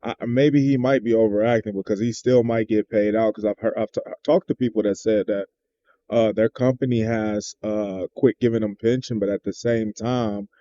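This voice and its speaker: Laid-back male host, reacting to a clip in a mellow voice, recorded on dull, lo-fi audio. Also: on the low side, smooth. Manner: laid-back, drawls, says "man" a lot. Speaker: trucking channel host. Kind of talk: reaction commentary. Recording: dull lo-fi sound.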